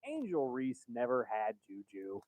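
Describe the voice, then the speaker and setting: A man's voice: mid-range voice, wildly swooping pitch, measured pace, a little mellow. A man in a radio studio, dropping brief, dry remarks to the host.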